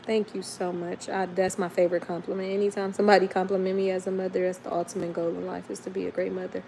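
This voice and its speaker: Gravelly-voiced woman chatting on a livestream. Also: lowish voice, flat delivery, quick pace, few pauses, darkish tone, slight background noise, low-quality recording. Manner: chatty, heartfelt, addresses viewers as y'all. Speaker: livestream host. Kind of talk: casual livestream chat.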